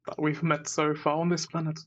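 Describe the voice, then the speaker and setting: A man playing in a tabletop role-playing game, answering in a calm, matter-of-fact way. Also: on the high side, fairly quick. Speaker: player. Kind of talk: tabletop role-play, in and out of character.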